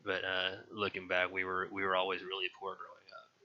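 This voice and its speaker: Deep flat-voiced man, frank and rambling. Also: brisk. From California. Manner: rambling, frank, profane, many restarts. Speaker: interviewee. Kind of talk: casual personal recollection. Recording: dull lo-fi sound.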